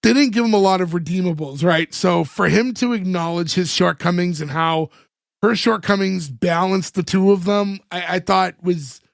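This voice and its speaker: A man's voice: high-pitched, normal speed, creaky, dry recording, clean studio sound. A man co-hosting a podcast, casually recapping an episode and acting out the characters' lines. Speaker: podcast co-host.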